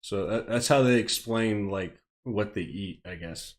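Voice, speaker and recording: Reading a script on his live stream, an American host speaks at a measured pace in a fairly low voice. He keeps drifting into rambling, self-deprecating asides, with chuckles between phrases.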